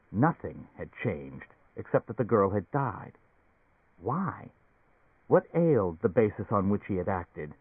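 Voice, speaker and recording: A man reading a science fiction novel aloud as audiobook narrator, in a measured storytelling manner. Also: on the low side, no room sound. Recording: dry, phone-like narrow sound.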